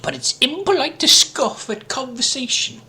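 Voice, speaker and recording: A man putting on a fussy, high-pitched voice to lecture about manners. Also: animated, normal speed, bright, forceful tone, full character voice. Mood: prim.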